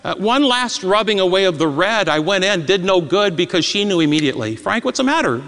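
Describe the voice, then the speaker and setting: A man preaching a sermon as an emotional story, stammering repeats and swinging between loud and hushed. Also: high voice, expressive, a little fast. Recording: long reverb in a large hall.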